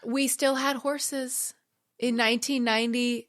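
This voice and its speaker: A woman's voice: on the high side, little pitch movement. Playful female podcast co-host. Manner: playful, quick reactions, giggles. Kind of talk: casual chat.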